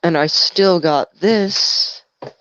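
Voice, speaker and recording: A young man co-hosting a livestream, making dark jokes in a flat, deadpan way. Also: high-pitched, takes it slowly, clear, resonant tone, dry recording, highs cut off. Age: teens or young adult. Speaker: livestream co-host. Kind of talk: casual livestream chat.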